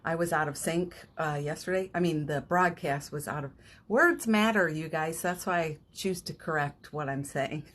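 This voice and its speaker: A woman hosting a live morning session as a spiritual coach, chatting casually and leading guided affirmations, with frequent laughs and soft, almost whispered phrases. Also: on the low side. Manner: chatty, warm-hearted, laughs often, breaks into soft affirmations. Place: home, streaming live from her phone.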